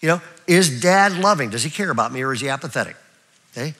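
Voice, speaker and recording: An older man preaching a sermon as pastor, in a lively, chatty way that keeps checking in with his listeners. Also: mid-range voice, fast. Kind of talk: live sermon. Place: church auditorium.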